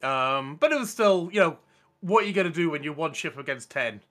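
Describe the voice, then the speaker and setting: A man's voice: a little high, animated, fairly quick, fairly bright tone. A man co-hosting a casual gaming chat, telling a long, rambling, enthusiastic story with lots of restarts. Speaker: podcast co-host.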